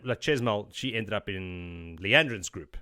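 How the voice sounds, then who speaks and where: A man co-hosting a casual book-discussion podcast, retelling the plot in an animated way and slipping into quick character voices. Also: fairly low pitch. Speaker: podcast co-host.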